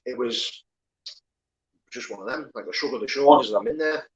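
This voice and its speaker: A man's voice: medium pitch, moderate pace, highs cut off. A man, candidly telling his life story as an interview guest, swearing and rambling with many fillers. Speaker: guest, former prisoner turned pro fighter.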